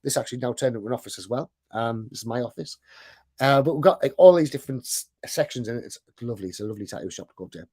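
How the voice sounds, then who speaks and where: Animated and racing, a man with a medium-pitched, darkish voice and thick accent delivers a laid-back sales presentation. An online sales coach who owns a business, he's chatty, self-deprecating, and fond of checking in with "right?".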